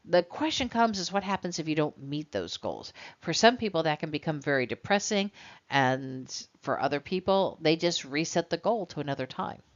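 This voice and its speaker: A woman's voice: low voice, lively intonation, normal speed. A woman instructor giving a recorded college lecture in a conversational way and acting out exchanges with students. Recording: dull lo-fi recording.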